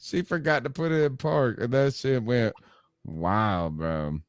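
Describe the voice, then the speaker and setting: A man co-hosting a sports podcast, telling stories in a loose, profane, animated way and laughing often. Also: medium pitch, measured pace, no echo, clean studio sound. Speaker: podcast co-host. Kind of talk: casual chat.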